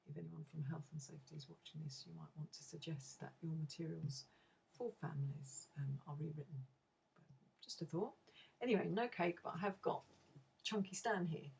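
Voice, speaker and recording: A middle-aged woman speaking to camera in a video diary, a mother talking hesitantly and thoughtfully, with frequent pauses. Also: low voice, darkish tone, poor audio. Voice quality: gravelly, very husky. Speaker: bereaved mother.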